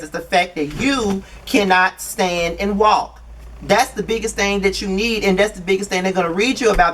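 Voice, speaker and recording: A man's voice: high-pitched, a bit bright, recorded from a distance. A man giving blunt, profane, exasperated commentary while reviewing a reality TV show. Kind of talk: casual video commentary.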